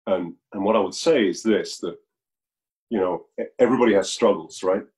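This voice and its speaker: A man answers interview questions over a video call. His voice sits a little low and sounds mellow and warm, and he explains his points in a reflective, measured way. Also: poor audio. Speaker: musician guest.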